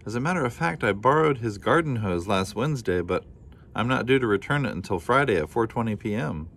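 A man's voice: mid-range voice, expressive, brisk, vocal fry, a bit bright. A man doing a fussy little rabbit. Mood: earnest.

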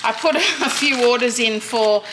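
In this casual vlog, an Australian woman talks and playfully chides her horse with a laugh, starting outside at home and moving indoors. Her slightly high voice keeps a normal speed, with noise in the background.

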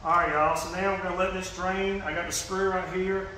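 This Georgia fishing channel host has a high, bright, forceful voice with little pitch movement, and he moves at a brisk clip against slight background noise. Walking through a repair in a casual how-to, he speaks in a folksy Southern manner, heavy on "y'all," fillers, and restarts.

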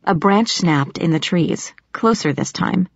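A woman narrating a first-person audiobook in a measured storytelling manner. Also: fairly low pitch, lively intonation, creaky, breathy edge, dry recording. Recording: dry, slightly muffled.

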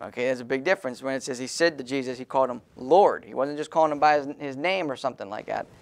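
A pastor in a small church delivers an emphatic sermon in a fast, mid-range voice. He calls on the congregation to read verses aloud.

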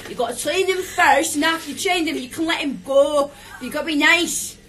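A woman's voice: high voice, brisk, bright, forceful tone, low-quality recording. A young woman, a musical theatre performer, chatting and joking in a playful, giggly way with mock-serious asides. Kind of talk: joking casual chat.

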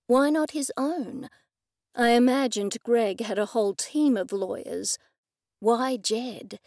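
Gravelly, dry-voiced woman narrator. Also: on the high side, a little mellow, dry recording. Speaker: audiobook narrator. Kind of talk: first-person scripted narration. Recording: dry, close studio recording.

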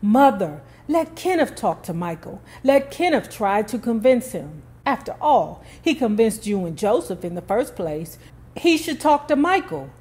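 A woman reading the lines of an excited grown man urging others on, insistent and urgent. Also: mid-range voice, a little slow, lightly acted.

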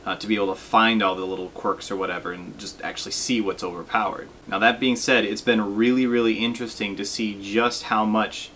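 A man's voice: lowish voice, brisk, few pauses, slight background noise. A young man giving casual, self-deprecating commentary over gameplay as a gaming video host. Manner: relaxed, self-deprecating, frequent fillers.

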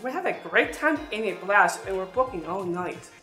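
A man's voice: sits high, expressive, normal speed, pushed and bright. A young adult man telling a personal story straight to his listeners, earnest and repeating words as he goes. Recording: roomy sound with faint music.

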